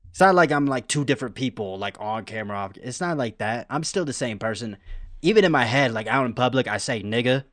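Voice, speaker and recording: A man's voice: mid-range voice, animated, brisk, a bit bright, no echo. A man from California giving casual, rambling reaction commentary who swears freely. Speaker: reaction streamer.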